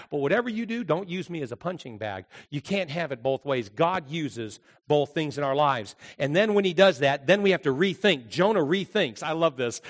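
A man preaching a sermon as a pastor, telling a story with animated delivery and acted-out voices. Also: high-pitched, in a large hall.

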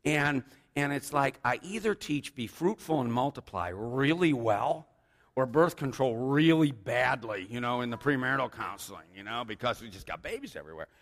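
Brief: chatty male pastor preaching a sermon, animated intonation, long reverb in a church. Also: mid-range voice, moderate pace. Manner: rambling with joking asides.

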